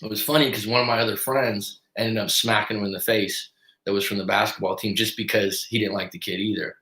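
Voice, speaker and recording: Speaking fairly quickly in a low-ish register with a roomy sound, a man coaches on a live stream. He recounts a story casually and with profanity, animatedly performing the words of the people in it.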